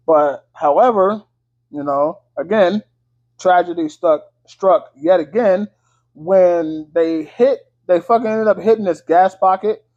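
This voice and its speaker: Male vlogger, higher pitch, casual profane movie recap, filler-heavy, muffled lo-fi sound. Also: darkish tone. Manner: loose, slangy, full of fillers and swearing. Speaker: movie reviewer. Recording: dull lo-fi audio.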